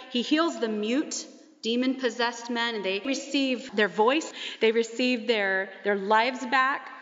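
A woman giving a sermon, retelling a gospel story with quick asides and acting out the voices of the people in it. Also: fairly high pitch, fairly bright tone. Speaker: Bible teacher. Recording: muffled, long hall reverb.

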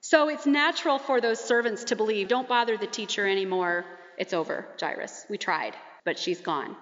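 A woman giving a sermon, retelling a gospel story with quick asides and acting out the voices of the people in it. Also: a little high, fairly bright tone. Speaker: Bible teacher. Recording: muffled, long hall reverb.

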